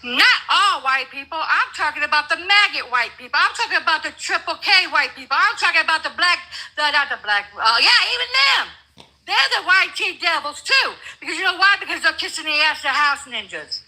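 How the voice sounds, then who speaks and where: A woman's voice: sits high, very animated, brisk, sharp tone, rough recording. An older woman arguing as a guest in a heated livestream debate, blunt, confrontational and full of profanity.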